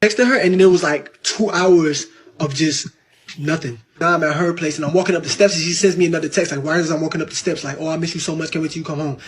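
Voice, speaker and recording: High-voiced man telling a story. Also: fairly even intonation, fast talker. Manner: narrates, imitating the quotes he recounts. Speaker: storyteller in a clip. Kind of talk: story told to camera.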